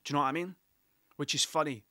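A man's voice: fairly high pitch, fairly even intonation, fast talker, bright, forceful tone, dry recording, clean studio sound. A young Scottish man hosting a solo podcast, rambling casually from topic to topic and swearing freely. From Scotland. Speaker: podcast host.

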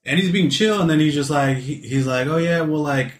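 A man's voice: a little high, brisk. A man casually telling a story to friends, laid-back and profane, laughing along as he goes. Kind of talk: casual chat. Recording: roomy echo.

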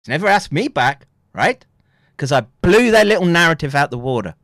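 A man with a bright, lively voice that jumps around his range, recorded close and dry with no room sound. He mocks and laughs at what he plays, then rises into shouted ranting. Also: fairly high pitch, brisk, no echo. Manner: mocking, laughing, swinging into loud ranting. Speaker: commentary host. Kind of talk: reacting to news clips.

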